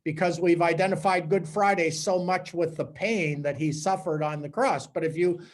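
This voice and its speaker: A man, a priest, giving a conversational teaching talk to a small group with animated storytelling. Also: a little high, normal speed.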